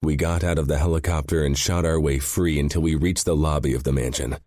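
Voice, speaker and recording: Deep male narrator for a first-person audiobook, grim and intense, very dry close sound. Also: steady tone, fairly quick, a little mellow, no echo.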